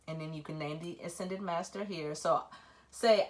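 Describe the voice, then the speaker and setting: A woman tarot reader talking casually about spirituality, acting out her own thoughts in animated quoted asides. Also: on the low side, normal speed.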